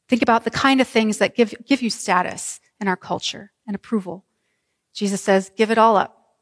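A woman pastor preaching a sermon, telling the story vividly with dramatic pauses. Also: mid-range voice. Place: church sanctuary. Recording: reverberant church hall.

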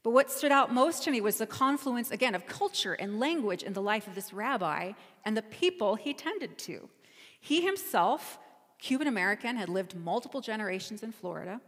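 A woman's voice: on the high side, animated, normal speed, a bit bright, in a large hall. A woman pastor giving a sermon, telling a travel story in a conversational, storytelling way. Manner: storytelling, conversational, self-correcting.

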